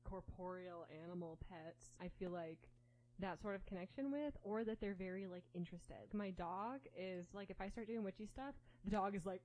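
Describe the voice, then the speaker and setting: A woman's voice: mid-range voice, normal speed, a little mellow, rough recording. A woman co-hosting a casual chat, talking playfully with lots of laughter and filler words.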